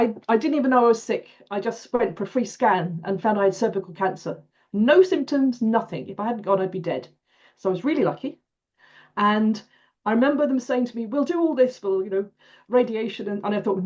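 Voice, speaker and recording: Older woman on a video call, high-pitched, muffled audio, rambly and chatty. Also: a little mellow. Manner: chatty, repeats herself, laughs often. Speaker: participant. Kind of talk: casual storytelling.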